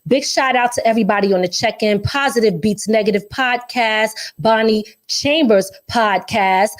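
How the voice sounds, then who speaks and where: A woman's voice: on the high side, darkish tone. A woman hosting a live online interview show, chatty and upbeat, speaking African American English with loose slang. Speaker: show host.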